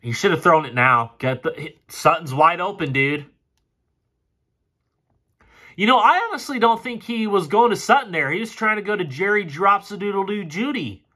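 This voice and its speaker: A man's voice: high-pitched, animated, brisk, hardly any pauses, pushed and bright. A man casually breaking down football game film, frustrated and sarcastic and swearing often. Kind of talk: casual play-by-play film commentary.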